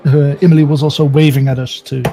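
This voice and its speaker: A man playing a tabletop game, talking in a hesitant, halting way. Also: a little high, little pitch movement. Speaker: player. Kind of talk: casual tabletop play.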